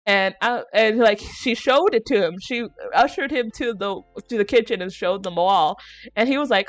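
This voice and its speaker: A woman's voice: a little high, normal speed, no room sound, faint music behind. A young adult woman chatting on a casual stream, telling rambling stories, laughing often and swearing casually. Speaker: VTuber streamer.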